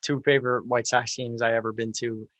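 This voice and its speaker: A young man chatting as a podcast guest, agreeable and steady in his delivery. His pitch is ordinary but the melody is flat and even, and the sound is dry and close. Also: fairly quick, no room sound. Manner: agreeable, steady, many fillers. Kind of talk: casual chat.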